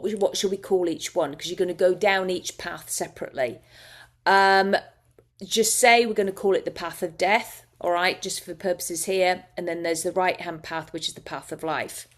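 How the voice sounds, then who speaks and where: A woman hypnotist teaching a masterclass, talking casually and emotively with frequent restarts. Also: fairly low pitch.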